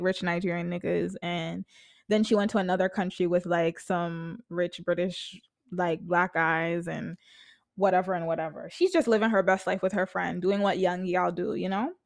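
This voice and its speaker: A young woman with a lowish voice dishes casual gossip from her apartment, speaking bluntly and packing her talk with swearing and filler words.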